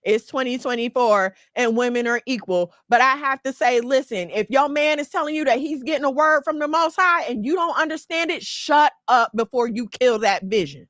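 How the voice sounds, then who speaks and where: A woman hosting a podcast, giving emphatic, preachy advice through lively storytelling. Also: sits high, normal speed, few pauses, dry recording, studio quality. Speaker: podcast host. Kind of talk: casual advice talk.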